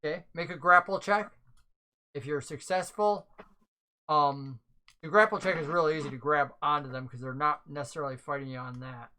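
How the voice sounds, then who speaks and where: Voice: medium pitch, normal speed, bright, forceful tone, slight background noise, poor audio. A game master who narrates a tabletop game and explains the rules at length, thinking aloud.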